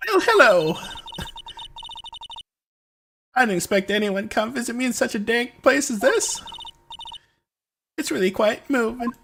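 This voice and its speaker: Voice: medium pitch, animated, normal speed, gravelly, slight background noise, voice pushed up. A streamer reading game dialogue aloud, voicing a sassy, spiteful young woman witness with a slight put-on Southern accent and a taunting manner. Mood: mocking. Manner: taunting, snippy, shouts insults.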